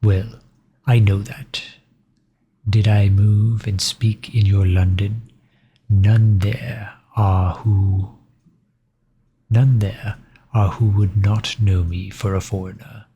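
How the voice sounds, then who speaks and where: A man's voice: lowish voice, flat delivery, husky, exaggerated voice. A man whispering as a courtly vampire count. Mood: courtly, ominous. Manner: soft, measured, formal old-fashioned speech. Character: courteous old aristocratic male vampire count, quietly menacing. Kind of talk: whispered role-play.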